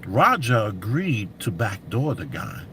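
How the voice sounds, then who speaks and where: A man telling a story in casual commentary, animated and slangy, acting out what others said. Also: on the low side, a little slow, slight background noise. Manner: animated, acts out quotes, slang.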